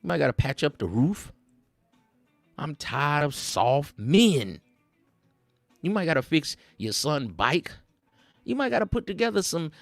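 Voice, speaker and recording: A man ranting on a livestream, his pitch swinging up and down as he preaches in street slang. The sound is close and dry, with faint music behind him. He repeats himself often and lectures his listeners. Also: gravelly, no room sound. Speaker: livestream host. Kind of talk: casual livestream rant.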